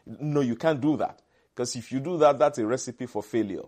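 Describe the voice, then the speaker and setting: A man's voice: mid-range voice, expressive, a little fast, darkish tone. A man preaching a sermon as pastor, emphatic and repetitive, calling on the congregation to repeat after him. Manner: emphatic, repeats phrases for the congregation, calls for responses.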